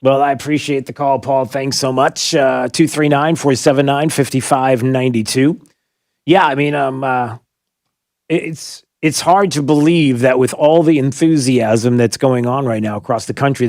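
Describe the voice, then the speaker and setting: A man's voice: medium pitch, darkish tone, no room sound, studio quality. A man hosting a political call-in radio show, talking in an agitated, indignant way with many rhetorical questions and fillers. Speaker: radio talk show host.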